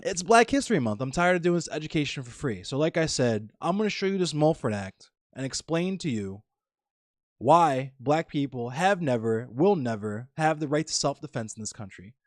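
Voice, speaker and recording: A man's voice: fairly high pitch, sing-song, normal speed, dry recording, clean studio sound. A man streaming live, lecturing his chat in a heated, profane political rant.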